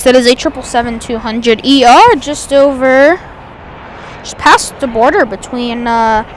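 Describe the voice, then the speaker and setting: A woman's voice: high voice, slight background noise. A woman outdoors at an airport giving chatty, enthusiastic live plane-spotting commentary, rambling with restarts.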